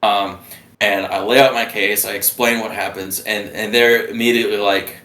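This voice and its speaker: Halting young man in a roomy, distant recording. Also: on the low side, steady tone, bright, forceful tone. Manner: halting, full of restarts and fillers. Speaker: guest, former submarine sailor. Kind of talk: casual storytelling.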